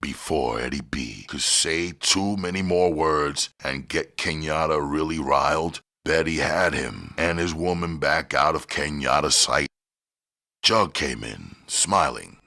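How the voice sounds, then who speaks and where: Very deep, gravelly male audiobook narrator. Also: unhurried. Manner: steady, plain reading with gritty dialogue. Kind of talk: scripted narration.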